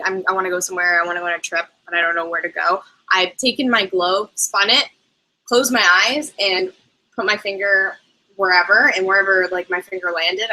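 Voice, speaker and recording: A bubbly woman chatting live with her viewers about travel. Her voice is bright and forward, and she laughs often between her easy, casual answers. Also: on the low side, low-quality recording. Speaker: travel vlogger host. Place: lives in Canada.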